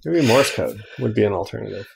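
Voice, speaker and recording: A man's voice: lowish voice, animated, brisk, vocal fry, crowd noise. A man co-hosting a tech podcast, reading news items out and then bantering lightly. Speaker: podcast co-host reading headlines. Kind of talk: casual tech chat.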